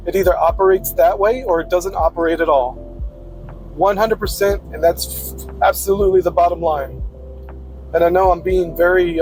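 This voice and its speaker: A man with a high-pitched voice talks in a blunt, preachy monologue and swears freely. Music plays clearly behind him. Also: a little mellow. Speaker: podcaster. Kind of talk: casual monologue.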